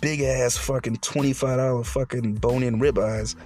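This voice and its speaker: A man's voice: mid-range voice, steady tone, normal speed, darkish tone, faint music behind. Profane, blunt man ranting solo. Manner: profane, blunt, laughing often; mocking quoted voices. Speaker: podcast host. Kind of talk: solo podcast rant.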